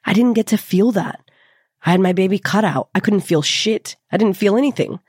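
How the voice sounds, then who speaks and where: Woman host, frank storyteller, swears freely, mid-pitched, dry close sound. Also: fairly quick, husky, no echo. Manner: candid, swears freely, lively retelling. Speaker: podcast host. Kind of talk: personal storytelling.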